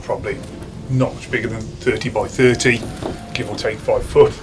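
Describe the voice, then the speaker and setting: A British man narrating as dungeon master in a casual, halting way, with frequent restarts and fillers. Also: lowish voice, steady tone, background noise. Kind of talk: narrating a tabletop game.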